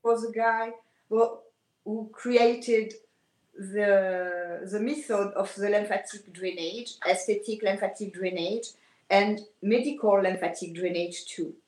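A woman from France with a French accent, a guest speaking haltingly in English as her second language over a video call. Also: medium pitch, fairly even intonation, a little mellow, reverberant, low-quality recording. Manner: halting, searching for English words. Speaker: guest aesthetician. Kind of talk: remote interview.

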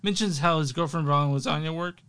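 A man's voice: on the high side, fairly quick, fairly bright tone, smooth. A man co-hosting a casual music podcast, rambling with fillers and frequent laughs. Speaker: podcast co-host. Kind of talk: casual chat about music.

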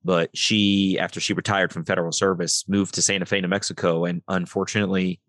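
A man's voice: deep voice, flat delivery, a little fast, fairly bright tone, no echo. A middle-aged man, a podcast guest, telling a personal story and acting out the dialogue in it. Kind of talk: storytelling interview.

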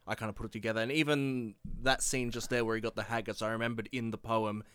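A man's voice: lowish voice, flat delivery, fast, a bit bright, clean tone, no echo. Easygoing man, dry mid voice. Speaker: podcast co-host. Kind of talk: casual movie-watch chat.

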